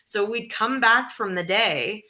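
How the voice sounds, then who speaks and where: A bright, crisp-sounding woman co-hosting a comedy podcast. She chats in a lively, teasing way and tends to say everything she feels. Her pitch sits in the middle for a woman. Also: measured pace. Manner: animated, teasing, talks through her feelings. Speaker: podcast co-host. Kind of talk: casual comedy podcast chat.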